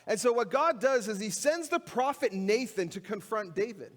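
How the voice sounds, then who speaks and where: A man's voice: high voice, expressive, moderate pace, long reverb tail. A male pastor preaching a sermon in a church, retelling a scripture story in everyday, conversational words. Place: church sanctuary.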